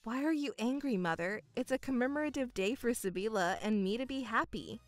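A woman voicing a calm, patient young woman who is about to be married, speaking in a measured, restrained way in a dramatized story reading. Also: a little high, dry recording, lightly acted.

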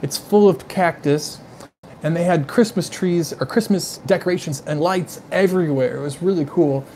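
In a mellow, fairly high voice at normal speed, a male livestream host gushes about what he's tasting and smelling. He chats loosely with his viewers in rambling asides, with slight background noise behind him.

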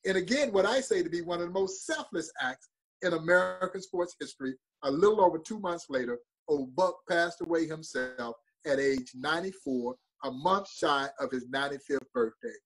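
A man's voice: on the high side, normal speed, slightly rough. A middle-aged man, a museum president, telling an emotional story in an interview with earnest intensity. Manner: earnest, building to emotional peaks.

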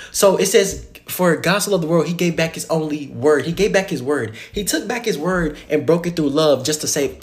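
Young guy preaching all fired up, kinda high voice, gets loud then goes real quiet. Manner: excitable, swings between loud bursts and hushed storytelling. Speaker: young preacher sharing a faith message. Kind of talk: impassioned casual sermon.

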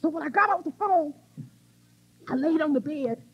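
Onstage in a conference hall, a middle-aged woman from the US Midwest tells her personal testimony at a recovery conference, animated, laughing and exclamatory. She has a high voice and speaks at a moderate pace. The audio is a muffled transfer from cassette tape.

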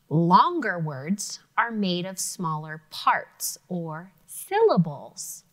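A woman teaching a lesson to children, speaking slowly and clearly. Her pitch rises and falls a lot as she keeps the lesson lively and encouraging. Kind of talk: televised classroom lesson for children.

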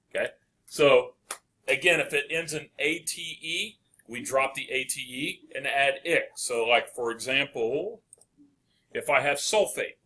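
Male chemistry teacher, bright tone, quizzes the class and praises answers. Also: medium pitch. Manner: asks questions and answers them himself, encouraging. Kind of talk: classroom lecture.

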